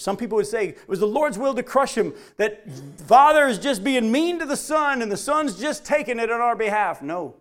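A man preaching a sermon, reading scripture aloud and driving points home with animated emphasis. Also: very high-pitched, moderate pace, hardly any pauses. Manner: animated preaching, voice rising on quotes. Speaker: pastor.

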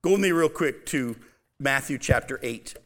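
A man preaching a casual, animated sermon, reading scripture aloud and talking it through with his listeners. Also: medium pitch, moderate pace. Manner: animated, conversational, reads scripture aloud with emphasis. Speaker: pastor.

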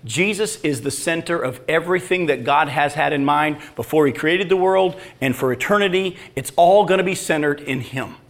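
A man preaching a sermon, reading scripture and asking the congregation rhetorical questions in an animated way. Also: on the high side, moderate pace, hardly any pauses. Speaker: pastor.

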